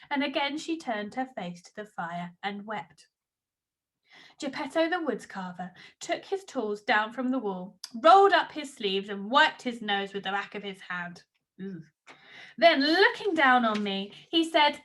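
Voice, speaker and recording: A woman's voice: sits high, very animated, measured pace, fairly bright tone. A woman reading a storybook aloud, narrating expressively in the first person.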